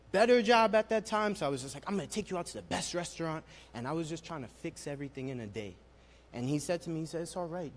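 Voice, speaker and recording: A young man telling his personal testimony at a worship service, speaking with emotional, building storytelling. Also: a little high. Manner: emotional storytelling, rising in intensity.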